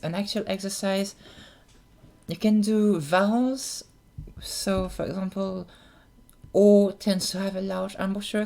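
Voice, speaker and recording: A young adult giving a casual voice-training tutorial in a feminine voice, soft-spoken and hesitant, full of restarts and fillers. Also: mid-range voice, gravelly.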